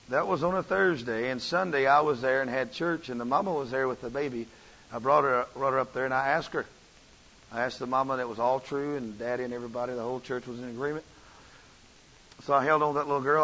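A man's voice: mid-range voice, fairly bright tone. A man preaching a sermon as pastor, with an impassioned, repetitive cadence. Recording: dull audio with long church reverb.

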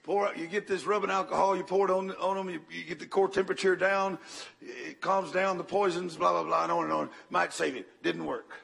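With a brisk pace and steady tone, this older preacher recounts his story for dramatic effect, dropping from loud outbursts to quiet murmurs. His raspy, gravelly voice sits high and bright for a man.

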